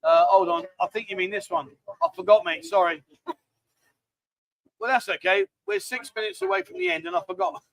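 High, gravelly London man. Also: very animated, a little fast, a bit bright, no echo. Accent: London English. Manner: chatty, jokey, rambling. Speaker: livestream host. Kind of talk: casual chat.

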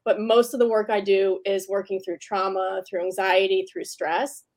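A woman's voice: mid-range voice, flat delivery, normal speed, a little mellow. Candid middle-aged woman guest. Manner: candid, chatty, swears casually. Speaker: breath work practitioner, guest. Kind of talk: casual interview talk.

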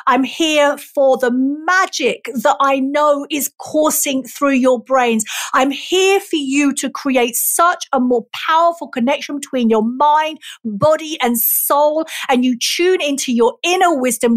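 A woman's voice: sits high, a little slow. A woman hosting a motivational podcast, speaking in earnest, emotional, emphatic affirmations that repeat and now and then swear for emphasis. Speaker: podcast host and life coach.

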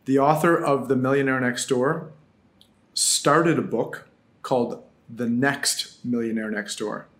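A man's voice: medium pitch, measured pace, a bit bright. A man guest on a podcast, answering earnestly and reflectively and repeating words as he works out his thoughts. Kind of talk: casual interview answers.

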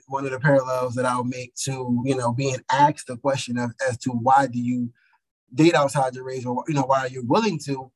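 A young man in casual chat, telling stories in a blunt, profane, animated way. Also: medium pitch, rough recording.

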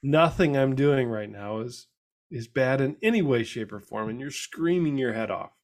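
A man in his thirties chatting casually about his kids, swearing often and acting out their lines. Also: moderate pace. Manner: animated storytelling, acts out his kids in high voices, swears a lot. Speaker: father and podcast host. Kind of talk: casual chat.

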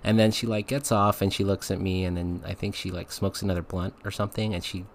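A man with a fairly low voice spins a story in relaxed podcast chat. He rambles, fills gaps with fillers and laughs now and then, never polished. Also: quick pace, slight background noise. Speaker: podcast host. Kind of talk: casual storytelling.

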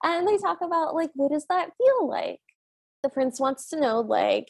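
A woman with a fairly high, husky, slightly breathy voice chats through a movie recap, giggling and slipping into the characters. The sound is dry and close, with no room around it. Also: lively intonation, normal speed, no echo. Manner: chatty, giggly, acts out scenes. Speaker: podcast co-host. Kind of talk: casual chat recapping a film.

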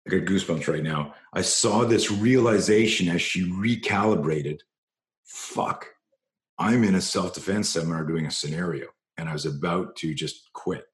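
A man's voice: deep voice, moderate pace, few pauses, echoey room. A man, a self-defense instructor, telling a story as an interview guest, passionate and profane, often restarting his sentences.

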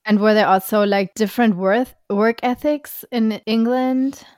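A woman's voice: fairly high pitch, measured pace, a little mellow, dry recording, studio quality. A woman hosting a casual podcast interview, asking questions and reacting with short interjections. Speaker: podcast host.

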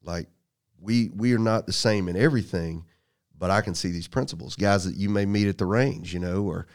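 A deep-voiced man leans into a story with a folksy, preacherly warmth. He talks casually, moving from anecdotes to life lessons. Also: a little fast, smooth.

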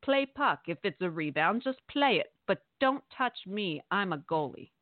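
A woman's voice: mid-range voice, sing-song, moderate pace, no echo, lightly acted. A woman voicing a brash, defiant young male hockey goalie in clipped, broken English. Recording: tinny phone-like line, dry.

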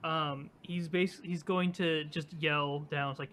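A man playing a tabletop role-playing game, talking in an animated, rambling way with many fillers. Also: a little high, slow. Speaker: player.

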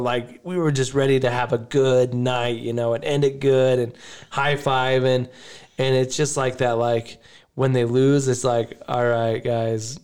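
A man's voice: medium pitch, darkish tone, smooth. Male podcast host, casual chat, rambling, emotional, laughs a lot.

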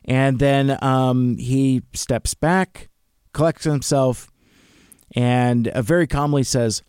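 A man's voice: mid-range voice, steady tone, takes it slowly, darkish tone, clean tone, no echo, studio quality. A middle-aged man hosting a podcast, chatting casually and rambling with lots of fillers and restarts. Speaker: podcast host. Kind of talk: casual chat.

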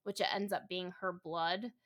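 A woman's voice: on the low side, fairly even intonation, normal speed, a bit bright. A young adult woman co-hosting a podcast, recapping a story in a casual, chatty way with lots of "like" and "you know". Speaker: podcast co-host. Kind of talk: casual book discussion.

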